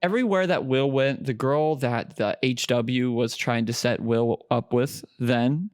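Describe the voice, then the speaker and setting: A man's voice: medium pitch, unhurried, no echo, studio quality. A young man co-hosting a podcast, telling stories in casual chat and laughing often. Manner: laughing often, animated storytelling. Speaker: podcast co-host.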